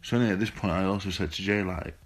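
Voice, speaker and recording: A man's voice: deep voice, fairly even intonation, rapid-fire. A man, a boxer, telling a rambling, sweary story in a laid-back, casual way. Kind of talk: casual storytelling to phone camera.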